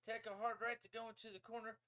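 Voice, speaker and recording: High, bright-voiced man chatting casually. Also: little pitch movement, fast talker. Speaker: podcast co-host. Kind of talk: casual chat.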